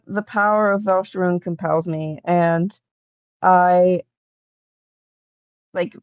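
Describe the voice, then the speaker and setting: A woman's voice: on the low side, a little mellow, dry recording, dull audio. A woman playing a tabletop game, chatty and peppering her talk with likes. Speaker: player. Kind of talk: casual chat.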